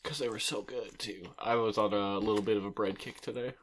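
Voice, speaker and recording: Joking low-voiced young man, faint hiss. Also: steady tone, brisk. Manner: joking, laughs a lot, crude humor. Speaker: podcast co-host. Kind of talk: casual chat while eating.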